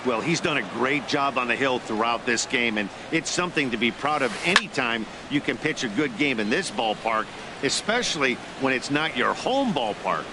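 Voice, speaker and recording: A man giving color commentary in a relaxed, explanatory tone. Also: mid-range voice, moderate pace. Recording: game audio with heavy noise.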